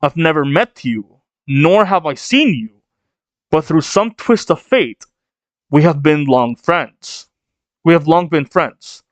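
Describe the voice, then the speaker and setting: A man's voice: on the high side, lively intonation, slow pace, no room sound, muffled recording. A man reading aloud the lines of a scornful, hot-tempered chained giant from a manga.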